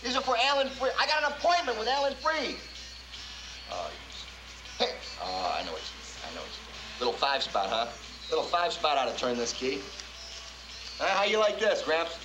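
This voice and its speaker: An actor playing a pushy young man who wheedles and shouts as he tries to bribe his way through a door, in a film drama. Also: on the high side, huge pitch swings, normal speed, pauses often, reverberant, noisy background. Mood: wheedling.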